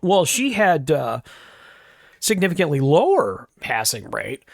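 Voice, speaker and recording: New man, podcast host, rambling storyteller with a lively, up-and-down delivery, dry close mic. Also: a little high, unhurried, creaky, no echo. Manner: rambling, chatty, with asides. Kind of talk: casual storytelling monologue.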